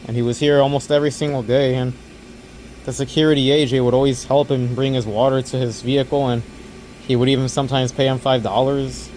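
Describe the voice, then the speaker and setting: A man's voice: medium pitch, level tone, a little fast, a little mellow, a little hiss or hum. A young man working an overnight store shift, talking casually to camera in a rambling, earnest way that repeats itself. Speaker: overnight convenience store clerk.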